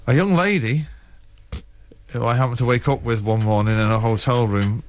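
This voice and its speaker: A man's voice: medium pitch, measured pace. A man in his forties, a guest in a radio studio, telling rambling stories in casual chat with frequent restarts and laughs.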